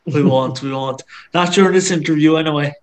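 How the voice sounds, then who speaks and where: A man with a Kerry accent hosting an interview, asking easygoing, halting questions. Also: a little high. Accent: Irish, Kerry. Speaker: podcast host. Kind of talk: casual interview.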